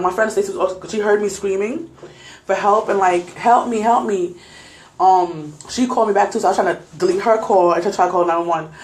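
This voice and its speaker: Young woman telling viewers a scary story, shaky nervous laughs, roomy echo. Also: mid-range voice. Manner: shaken, retelling a scary night, nervous laughs. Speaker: vlogger. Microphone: phone.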